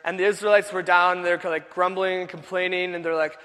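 Give me a young male preacher with a bright, high voice, echoing in a big hall. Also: brisk, hardly any pauses, smooth. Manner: animated, casual retelling with many "like" fillers. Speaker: youth pastor. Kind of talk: sermon. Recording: long echo of a large hall.

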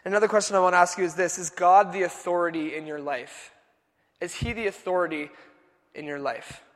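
A young man preaching a sermon, telling the story in a casual, animated way with many filler words. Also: high-pitched, fairly quick. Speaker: youth pastor. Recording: long echo of a large hall.

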